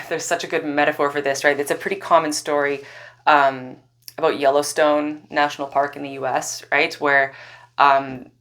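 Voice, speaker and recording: Woman, very low pitch, casual myth retelling, chatty, animated. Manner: animated, swears, many "like" and "right?" asides, laughs often. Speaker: spiritual storyteller.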